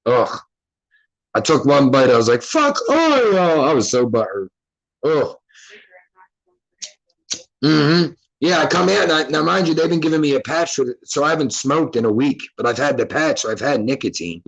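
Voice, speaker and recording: A man hosts his own show and tells a long personal story in a casual, rambling way. He curses freely and breaks off his sentences to start again. His voice sits at an ordinary middle pitch for a man. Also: quick pace, gravelly, few pauses, rough recording. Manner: loose, rambling, profane and self-interrupting. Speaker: podcast host.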